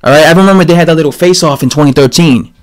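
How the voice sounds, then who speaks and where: A man giving a casual, rambling opinion rant on his channel, animated and full of fillers and restarts. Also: a little high, very fast. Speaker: boxing commentator vlogger.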